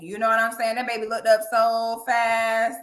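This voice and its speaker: A woman's voice: a little high, moderate pace. A woman hosting a casual commentary livestream, talking emphatically and often asking "okay?". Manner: animated, emphatic, repeats "okay?". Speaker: commentary channel host. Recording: echoey room.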